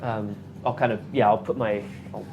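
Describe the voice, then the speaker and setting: A man's voice: on the low side, flat delivery, moderate pace, creaky, highs cut off, music in the background. Playful man playing a tabletop game. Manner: laughing, playful. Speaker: player.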